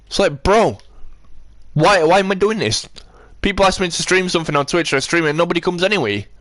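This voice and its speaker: A man's voice: high-pitched, brisk, fairly bright tone, dry recording. A man chatting on a live stream, rambling and ranting as he answers his chat.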